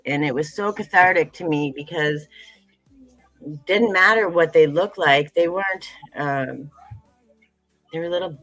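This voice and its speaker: A woman's voice: deep voice, a little slow, pauses often, a bit bright, no echo, soft background music, rough recording. A middle-aged woman talking earnestly in a livestream conversation, repeating phrases and using many fillers. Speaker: tea business founder, guest.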